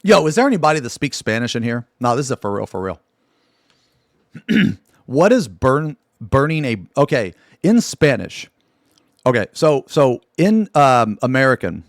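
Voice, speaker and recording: A male streamer talking to his chat in a loose, cursing ramble, circling back and restarting his sentences as he goes. His voice sits at an ordinary middle pitch for a man. It is recorded close and dry, with no room sound. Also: big pitch swings, normal speed, no echo. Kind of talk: casual live-stream storytelling.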